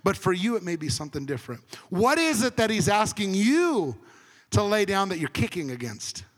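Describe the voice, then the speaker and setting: A man preaching a conversational sermon as pastor, swinging between emphatic and hushed. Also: high-pitched, sing-song, moderate pace, big-room sound.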